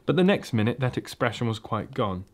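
A man reading a children's storybook aloud, in a gentle, steady and expressive way. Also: medium pitch, brisk. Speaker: reader.

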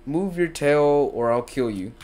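A man's voice: a little high, animated, unhurried, music in the background. Man reading as Shrek, a bossy threatening ogre. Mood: menacing. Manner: blunt threats. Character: gruff male ogre captor, bossy and threatening.

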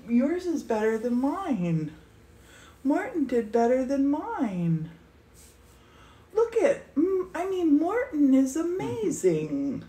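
A teary painting-livestream host gushes over a gift from her indoor studio, exclaiming again and again in emotional, casual talk. Her high voice swoops wildly in pitch, moving slowly with a warm tone.

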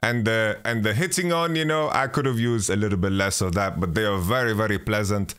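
Slightly fast and on the low side, the man's voice is a bit bright with a clean tone. He hosts his own podcast, telling a travel story in a loose, rambling way, swearing freely, restarting sentences, and saying "you know" often.

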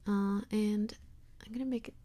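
A young woman talking casually through a software tutorial, rambling and self-deprecating, with lots of fillers. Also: mid-range voice, steady tone, moderate pace. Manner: rambling and chatty, full of fillers. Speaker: tutorial host.

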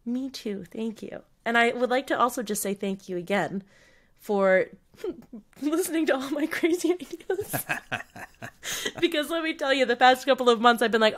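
A young woman with a fairly high voice co-hosts a podcast, talking at normal speed about her year. The chat is casual, with frequent laughs and lots of fillers.

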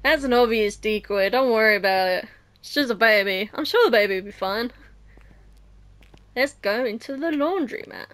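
A woman's voice: fairly high pitch, lively intonation, moderate pace, fairly bright tone. A young woman playing a horror game and commenting, joking sarcastically and giggling often. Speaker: let's play host.

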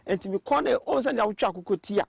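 A man gives his testimony as an interview guest. His voice sits somewhat high for a man. He talks haltingly, restarting and repeating words as he searches for what to say. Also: animated, creaky, slightly rough, dry recording.

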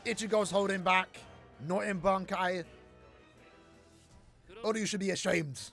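A man hosting an anime reaction video, reacting loudly with shouts and drawn-out cries, then recapping in a calmer, rambling way. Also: high-pitched, creaky, soft background music. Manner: hyped, shouts and stretches out words in dismay. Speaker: anime reaction channel host. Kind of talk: excited anime reaction commentary.

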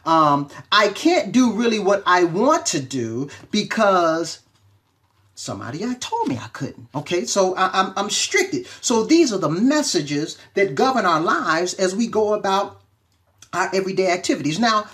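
Animated, chatty man preaching on a live stream. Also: high-pitched, moderate pace. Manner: animated, chatty, keeps checking in with "okay?". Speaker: reverend and self-help speaker. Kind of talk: live-streamed motivational talk to viewers.

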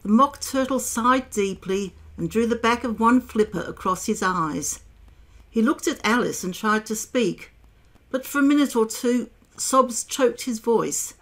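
A woman narrating a storybook aloud in a measured, expressive way. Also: a little high.

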